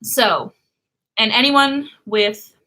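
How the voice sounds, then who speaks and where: A woman's voice: a little high, very slow, bright, forceful tone. A woman from California co-hosting a casual YouTube chat, talking in a loose, chatty way with fillers and laughs. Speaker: YouTube co-host.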